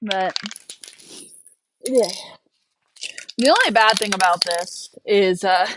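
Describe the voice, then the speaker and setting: A woman's voice: mid-range voice, slow pace, background noise. A young woman chatting casually and rambling while working outside a barn, laughing often. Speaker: homesteader and livestream host. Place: outdoors by a barn.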